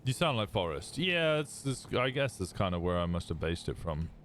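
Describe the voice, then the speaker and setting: A man's voice: deep voice, sing-song, normal speed, fairly bright tone, a little hiss or hum. An English man streaming a role-play game, chatting casually and self-deprecatingly with his viewers in his own accent. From England.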